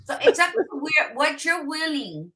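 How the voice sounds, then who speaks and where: A woman's voice: high-pitched, big pitch swings, moderate pace, sharp tone, rough recording. A woman co-hosting a podcast in casual chat, blunt and profane, with no-nonsense advice. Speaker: podcast co-host.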